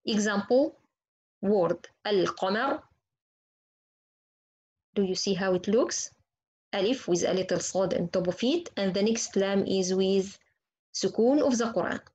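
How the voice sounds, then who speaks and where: A woman teaching Quran recitation, slowly and patiently repeating each example word. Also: mid-range voice, lively intonation, a little mellow, husky, poor audio. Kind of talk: slow tajweed lesson with spoken examples.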